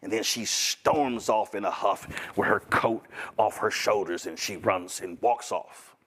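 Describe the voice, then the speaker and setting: A man's voice: fairly low pitch, measured pace, a bit bright, breathy edge. A male talk show host doing a commentary monologue, telling a story with asides to his audience.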